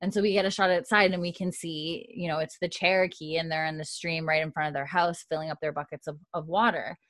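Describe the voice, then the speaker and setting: A young woman casually recapping a TV episode, laughing often and slipping into quick voices for the characters. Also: deep voice, no room sound. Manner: animated, laughing, acts out characters' lines in quick put-on voices. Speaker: podcast host recapping a TV episode. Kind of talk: casual chat.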